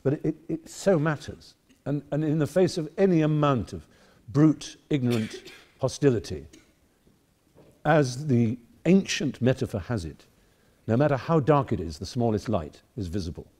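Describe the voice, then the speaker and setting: A man's voice: mid-range voice, expressive, normal speed, a little mellow. A man in his fifties with an English accent, giving an erudite, wry, digressive speech to a debating society audience. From England. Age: 50s. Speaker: guest speaker.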